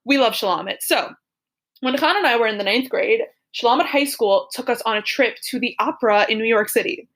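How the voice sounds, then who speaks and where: A young woman with a fairly high voice tells a story on her podcast. She chats casually and giggles often, peppering her talk with "like" and "super". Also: fairly quick, fairly bright tone. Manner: chatty, giggly, lots of "like" and "super". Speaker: podcast co-host. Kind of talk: casual chat, telling a personal story.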